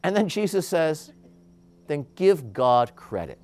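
A priest giving a homily in a slow, deliberate preaching style, rising to emphatic highs and dropping to hushed endings. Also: male voice, big pitch swings.

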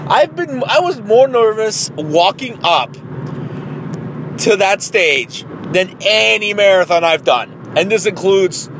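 A man's voice: high-pitched, noisy background. Rambling man telling a story in a car. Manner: rambling, with many fillers and casual swearing. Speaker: amateur marathon runner. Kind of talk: casual storytelling.

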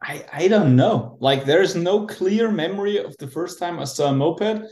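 A man's voice: high voice, animated, moderate pace, darkish tone. A man, a podcast guest talking in a hesitant, easygoing way. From Austria. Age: 30s. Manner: hesitant, many fillers and restarts, easygoing. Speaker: guest, moped club president. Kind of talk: casual podcast interview.

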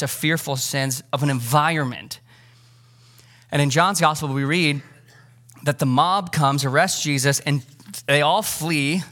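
Guy preaching a sermon, kinda high voice, jokey and animated. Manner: animated, joking asides, acts out the disciples. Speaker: pastor.

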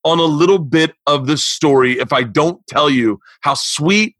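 A man in his forties hosting a podcast, telling stories in an animated, rambling, profane way. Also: fairly high pitch, a little slow, dry recording. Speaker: podcast host. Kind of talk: casual chat.

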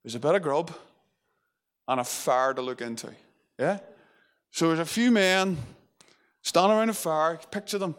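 Man, preaching, chatty, restarts a lot, slightly high voice. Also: moderate pace, pauses often. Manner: conversational, with many fillers and restarts, acting out quotes. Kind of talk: sermon.

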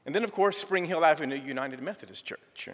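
A middle-aged man, telling a folksy church testimony with gentle humor. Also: fairly high pitch, brisk. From southern United States. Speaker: church member giving a testimony. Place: church sanctuary. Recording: reverberant church sanctuary.

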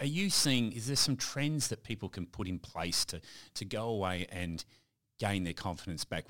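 A man's voice: fairly low pitch, a bit bright. A man hosting a podcast interview, chatty and prone to restarts. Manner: chatty, stumbling over restarts. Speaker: podcast host. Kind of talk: casual interview.

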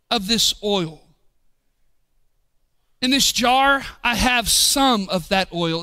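High, bright-voiced preaching pastor. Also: male voice. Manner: emphatic preaching with rising shouts and dropping low. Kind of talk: sermon. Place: church.

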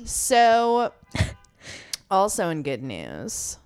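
A woman's voice: mid-range voice, wildly swooping pitch, very slow, darkish tone, smooth, no room sound. A woman co-hosting a podcast in casual chat, reading out news items and laughing often with her co-host.

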